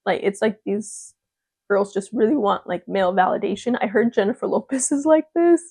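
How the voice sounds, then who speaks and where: A woman's voice: mid-range voice, lively intonation, moderate pace, a little mellow, husky, dry recording. A young woman vlogging in a casual chat to camera, talking freely and laughing often. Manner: chatty, laughs often, mimics gushing voices.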